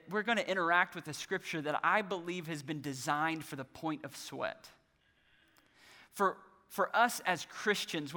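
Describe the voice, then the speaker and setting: A man's voice: on the high side, pushed and bright, long reverb tail. A man preaching a sermon as pastor, earnest, building emphasis through repeated phrases.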